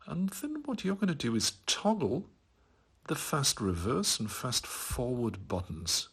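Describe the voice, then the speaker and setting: A man leading a slow guided visualization, soothing and gently playful as he talks the listener through the steps. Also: medium pitch, vocal fry, slightly rough. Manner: slow, soothing guidance with playful rising bursts.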